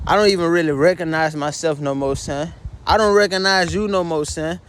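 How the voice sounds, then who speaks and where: Young man, tearful, profane, repetitive, high-pitched voice. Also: a little hiss or hum. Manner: distraught, addresses listener as "son" constantly, profane, repetitive. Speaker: vlogger. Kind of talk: emotional confessional monologue. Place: his bedroom.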